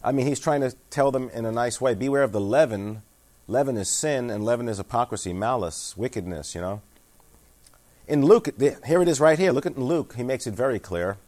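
A man's voice: medium pitch, expressive, a little fast, darkish tone. Man preaching a casual Bible teaching. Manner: reads scripture aloud and explains it to a group; asks the listeners questions. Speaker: pastor. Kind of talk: sermon.

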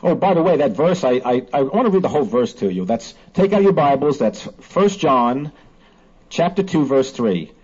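Animated man hosting a Bible talk. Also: mid-range voice, breathy edge. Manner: animated, emphatic, quotes scripture slowly. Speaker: host of a Bible discussion. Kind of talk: casual religious discussion. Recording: dull lo-fi recording.

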